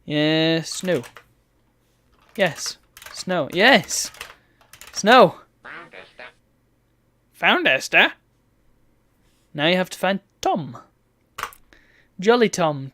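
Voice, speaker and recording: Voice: medium pitch, big pitch swings, slow, pauses often, a bit bright, a little hiss or hum. A streamer, chatting wryly and reading game text aloud while playing a retro game. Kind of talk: let's play commentary.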